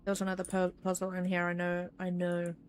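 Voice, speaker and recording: A woman's voice: fairly low pitch, monotone, fairly quick, faint music behind. A woman streaming a puzzle game, chatting casually and poking fun at herself as she plays. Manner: chatty, self-deprecating, rambling with fillers. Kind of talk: casual gameplay commentary.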